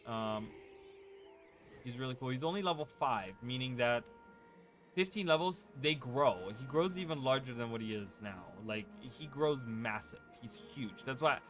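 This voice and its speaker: A gaming channel host with a middle-pitched, animated and slightly bright voice loosely rambles through casual let's-play commentary, dropping fillers and quick "right?" asides. He uses a desk microphone, and game music runs clearly underneath throughout.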